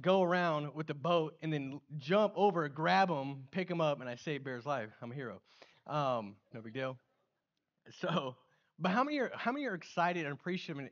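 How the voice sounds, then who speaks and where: A middle-aged man preaching a sermon in a church, casual and animated, with slang and acted-out asides. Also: on the high side, highs cut off. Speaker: pastor.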